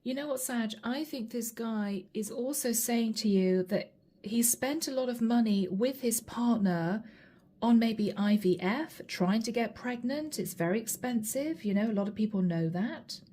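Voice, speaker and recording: A middle-aged woman reads tarot cards aloud and talks straight to the viewer, chatty and direct. Her voice sits a little high but sounds mellow and warm. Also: measured pace. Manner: chatty, addresses viewer directly, names cards as she draws. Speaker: tarot reader. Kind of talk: channeled tarot reading.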